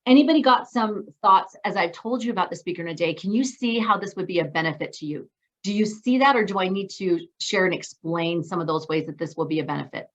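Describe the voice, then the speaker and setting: A middle-aged woman coaching a women's group, bubbly and excitable, telling stories with lively asides. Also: on the low side, fast talker, highs cut off. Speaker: business coach leading a women's group meeting. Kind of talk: animated meeting talk with storytelling.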